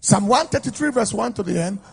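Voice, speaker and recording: A pastor preaching a sermon to a congregation in a declamatory, call-and-response style, urging people to shout amen. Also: male voice, sits high, animated, a little fast, gravelly, breathy edge. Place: church service with a congregation.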